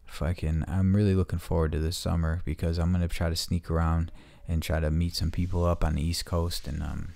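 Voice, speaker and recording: Hosting a podcast from home, a man rambles in casual, heartfelt chat and swears freely. His low voice is flat, creaky, and mellow, a little fast with few pauses, and there's no room sound.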